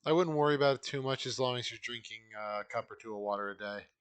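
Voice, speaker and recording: A man's voice: medium pitch, quick pace, clear, resonant tone, no room sound. A man giving casual, wry live commentary to his chat while playing a game. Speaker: game streamer.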